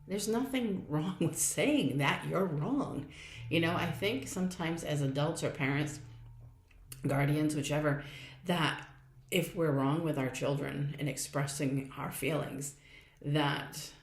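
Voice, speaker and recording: A middle-aged woman with a low voice hosts her own podcast in a casual, reflective monologue. She talks earnestly and loosely, circling back with fillers and repeated phrases. The sound carries a noticeable room echo. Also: normal speed. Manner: earnest, conversational, repeats herself with many fillers. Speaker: podcast host.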